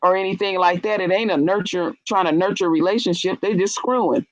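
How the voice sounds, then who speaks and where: A woman, chatting casually on a live stream, animated and blunt, acting out quotes with big jumps in pitch. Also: a little fast, no echo, low-quality recording. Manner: blunt and profane. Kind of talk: casual chat.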